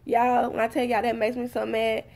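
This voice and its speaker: A woman's voice: fairly high pitch, moderate pace, gravelly. A woman talking casually to her viewers and giving advice, earnest and repetitive, often calling them "you guys.". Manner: acts out heated and calm exchanges. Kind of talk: casual talk to camera.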